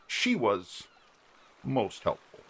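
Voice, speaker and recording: A man's voice: on the low side, wildly swooping pitch, slow, a bit bright, husky, heavily acted. A man voicing a large, boisterous male dragonborn telling a tavern tale. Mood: boastful.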